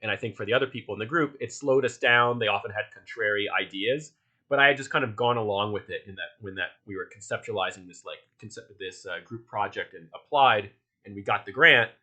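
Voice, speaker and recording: A man's voice: on the low side, fairly quick, bright, forceful tone. A man with a Philadelphia accent teaching a casual online workshop, chatty and loose, with lots of fillers and restarts. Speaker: workshop instructor.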